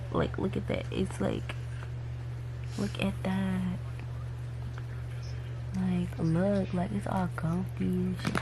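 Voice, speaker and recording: A woman's voice: fairly low pitch, bright, forceful tone, distant mic. A woman chatting through a casual tutorial vlog in a slangy, rambling way from her bathroom. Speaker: vlogger. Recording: roomy, off-mic, faint noise.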